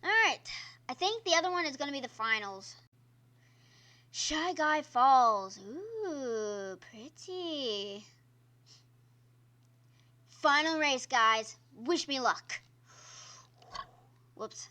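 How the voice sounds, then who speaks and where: A woman's voice: sits high, big pitch swings, drawn-out words, long pauses, bright, forceful tone. A woman streamer giving casual gameplay commentary, chatty and exclaiming at the game while talking to her viewers. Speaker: gaming streamer. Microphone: own microphone.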